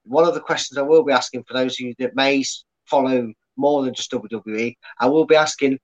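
A man talks about his podcast in a loose, chatty way, stumbling and restarting as he goes. His voice sits at a middling pitch. The sound is dull and lo-fi. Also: steady tone, fairly quick. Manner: chatty, many restarts and fillers. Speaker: podcast host. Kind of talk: casual chat.

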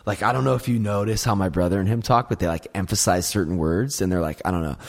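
A man's voice: sits low, quick pace, creaky. A man in casual chat, telling rambling, profane stories packed with "like" and filler. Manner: rambling, profane storytelling, heavy use of "like".

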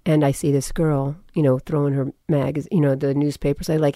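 Animated woman telling a personal story. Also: deep voice, fast, few pauses, dry recording, clean studio sound. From California. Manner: animated storyteller, quotes people in voices. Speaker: guest. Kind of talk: casual interview talk.

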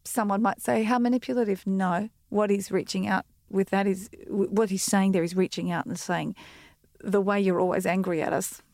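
A woman's voice: mid-range voice, fairly even intonation, moderate pace, a little mellow, dry recording, clean studio sound. A woman, a guest on a parenting podcast, speaking candidly and acting out quotes with animation. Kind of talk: casual chat.

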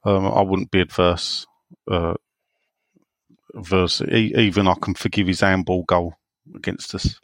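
A man's voice: low voice, flat delivery, unhurried, long pauses, no room sound. Guy co-hosting a chat podcast, jokey, reads out listener messages, totally dry close sound. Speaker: podcast co-host reading listener questions. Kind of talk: casual chat.

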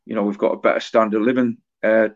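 A man in his forties tells a story as an interview guest, stopping and restarting, doubling words as he gathers his thoughts. His pitch stays flat and barely moves. The recording sounds dull and lo-fi. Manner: halting, often repeats words and restarts. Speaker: author guest.

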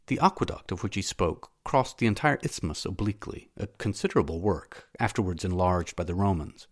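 Audiobook narrator, male, lower register, measured and steady delivery. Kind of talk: audiobook narration of a classic novel.

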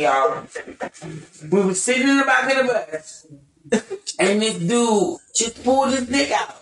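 A woman co-hosting a casual chat show, telling a story in a lively way and acting out the people in it. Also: fairly low pitch, far from the mic. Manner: animated storytelling, acts out voices. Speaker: podcast co-host. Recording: roomy echo, from off-mic.

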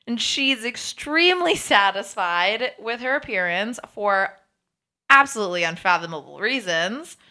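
Bright lively woman cohost, chatty book podcast, laughs a lot. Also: mid-range voice, clean tone. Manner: animated, swearing, laughs often. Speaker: podcast co-host. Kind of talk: casual book-club chat.

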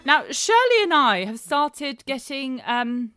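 A woman in her thirties co-hosting a casual chat, teasing and lively as she tells stories. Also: high voice, takes it slowly, over music. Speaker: podcast co-host.

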